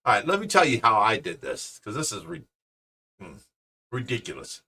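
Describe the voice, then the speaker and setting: A man hosting a show, telling a story in casual chat, animated and restarting his sentences often. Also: medium pitch, normal speed, vocal fry, breathy edge. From Ohio, USA. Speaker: show host. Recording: voice a bit far from the mic.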